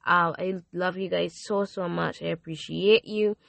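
A teenage girl hosts her podcast, gushing with earnest, repeated thanks. Her voice is a little low and gravelly, and it is wearing hoarse. It is recorded dry and close, with no room sound. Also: fairly even intonation, normal speed, fairly bright tone, no echo. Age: teens. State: voice going hoarse. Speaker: podcast host. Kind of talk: casual faith podcast monologue.

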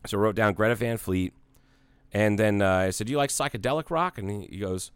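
A man in his forties from Ohio, United States, tells a story in casual podcast talk, swearing freely and acting out both sides of the conversation. His slightly low voice is smooth, clear and brisk, recorded dry and close with no echo or room around it.

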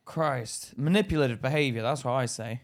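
A man's voice: mid-range voice, a little fast. A young man co-hosting a podcast, talking bluntly and acting out his stories with swearing. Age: young adult. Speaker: podcast co-host. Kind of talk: casual chat.

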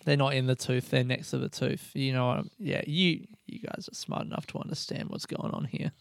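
A young man hosting a podcast in casual, rambling chat, swearing freely and getting excitable. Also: mid-range voice, brisk, creaky, no room sound, clean studio sound. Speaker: podcast host.

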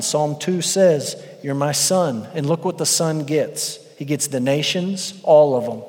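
Animated preaching man in a reverberant hall. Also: fairly high pitch, measured pace. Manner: animated, rising to shouting for emphasis. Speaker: pastor. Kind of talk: expository sermon. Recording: long reverb of a large hall.

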